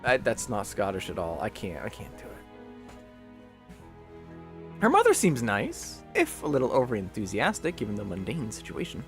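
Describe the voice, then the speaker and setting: A man reading a visual novel aloud as its narrator, expressive and chatty, breaking off into jokey asides. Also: on the low side, a little fast, soft background music. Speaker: visual novel reader, channel host.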